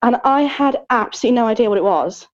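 Talking fast and expressively in a fairly high voice, a thirtysomething woman co-hosting a podcast keeps things candid and casual, full of fillers and jokes at her own expense. The audio sounds dull.

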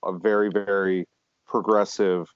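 A man's voice: deep voice, unhurried, clear, resonant tone, dry recording. Man, podcast co-host, rambling casual chat, dry close sound, muffled lo-fi. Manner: rambling, animated storytelling. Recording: dull lo-fi sound.

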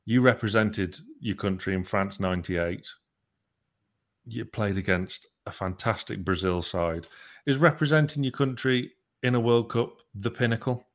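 A man's voice: on the low side, moderate pace. A young man hosting a football podcast, chatty and playful, hesitating with lots of ums. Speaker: podcast host. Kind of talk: casual chat and interview hosting.

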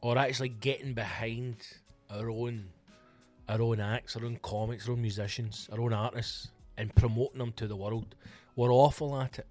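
A Scottish man hosting a solo comedy podcast, swearing a lot and ranting with loud, hyped energy. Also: mid-range voice, steady tone, normal speed, faint music behind. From Scotland. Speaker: podcast host.

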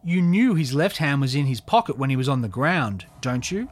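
A man narrating a true crime story, reading court testimony in a measured, subdued way. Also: medium pitch, very animated.

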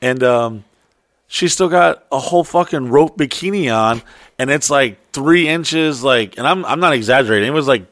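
A man telling a wild story in casual, profane chat, acting out quotes in high voices. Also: moderate pace, a bit bright, no echo, clean studio sound. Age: adult.

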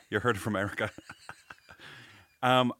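A man co-hosting a podcast, chatting casually with quick jokes and the odd swear word. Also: on the low side, fairly even intonation, bright, forceful tone. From Ireland. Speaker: podcast co-host. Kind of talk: casual chat.

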